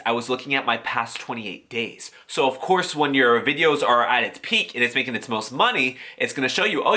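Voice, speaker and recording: A man's voice: mid-range voice, sharp tone. A man talking in a casual, sassy, profane vlog style, explaining how he gets paid and acting out quoted voices. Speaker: YouTuber.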